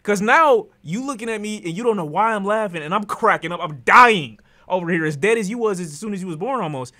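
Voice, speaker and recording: A man streaming and reacting to a clip in animated, profane casual chat, often breaking into laughter. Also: sits high, fairly quick.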